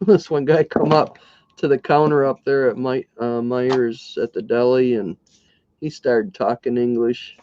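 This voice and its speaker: A man's voice: medium pitch, steady tone, measured pace, a little mellow, no echo. An easygoing man chatting casually while he works on a craft. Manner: easygoing, laughs often. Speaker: livestream co-host. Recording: lo-fi livestream audio.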